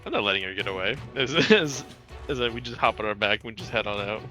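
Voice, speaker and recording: Male player, giggly, animated pitch, mid register, music bed. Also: fast. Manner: playful, giggly. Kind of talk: casual game chat.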